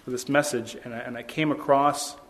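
A man's voice: mid-range voice, fairly even intonation, fairly quick. A man preaching a sermon as a pastor, in a conversational way with many rhetorical questions.

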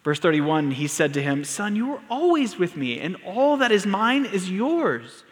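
A man's voice: big pitch swings, a little slow. Man preaching with hall reverb. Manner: storytelling, builds to emphatic raised pitch. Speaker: pastor. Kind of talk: sermon. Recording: long reverb of a large room.

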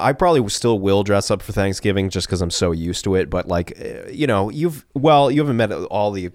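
A man's voice: on the low side, no echo, clean studio sound. A man co-hosting a podcast, chatting casually in laid-back, agreeable banter. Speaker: podcast co-host. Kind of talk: casual chat.

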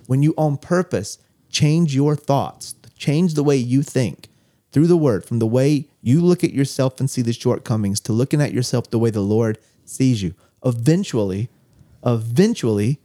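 A man's voice: medium pitch, expressive, normal speed, warm tone. A man co-hosting a casual faith discussion, telling stories and reflecting. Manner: storytelling, reflective. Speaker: co-host of a church talk show.

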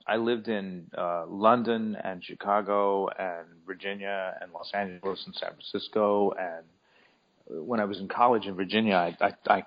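Low-voiced man telling stories, stammering. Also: highs cut off. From Alabama, US. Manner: storytelling, many stammered restarts. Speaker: guest, children's author. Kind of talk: casual interview chat.

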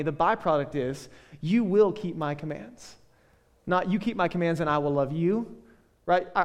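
A male pastor giving a casual, conversational sermon, full of joking asides and quick checks with the listeners. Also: high-pitched, in a large hall.

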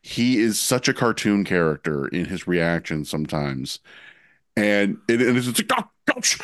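A man's voice: deep voice, lively intonation, measured pace, dry recording, studio quality. A man co-hosting a podcast, telling a prank story in casual chat and giggling through it as he searches for his words. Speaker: podcast co-host.

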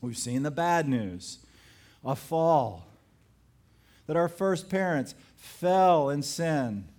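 A man's voice: fairly high pitch, animated, slow, darkish tone. A man preaching a sermon as pastor, telling stories with acted-out quotes and pressing his points with emphasis.

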